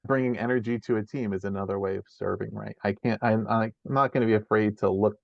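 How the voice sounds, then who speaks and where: A man's voice: on the low side, fairly even intonation, fast talker, creaky, dry recording. A man hosting a podcast, reflecting aloud in long, winding sentences as he builds an idea. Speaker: podcast host. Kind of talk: conversational interview. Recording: slightly muffled lo-fi audio.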